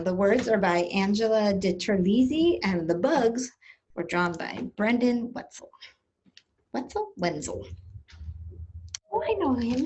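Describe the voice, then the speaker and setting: A woman librarian leading a playful, animated storytime for preschoolers. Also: mid-range voice, slight background noise. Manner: playful, animated, sing-song with kids. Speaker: children's librarian.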